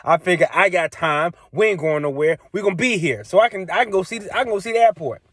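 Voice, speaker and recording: A man's voice: high-pitched, quick pace, fairly bright tone, dry recording. Exasperated young man telling a story. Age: young adult. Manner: exasperated, repetitive, emphatic. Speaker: vlogger. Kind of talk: casual storytelling.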